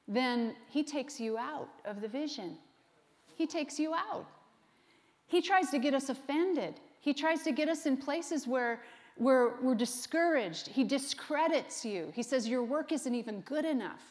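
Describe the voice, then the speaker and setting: A woman pastor preaching a sermon with an animated style and frequent laughs. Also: sits high, long reverb tail.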